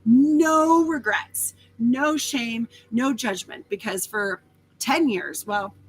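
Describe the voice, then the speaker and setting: A woman hosting a casual live stream, chatting through viewer comments in an animated, candid way, swearing freely and laughing often. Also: on the high side, slow pace, slight background noise. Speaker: host of a live talk stream.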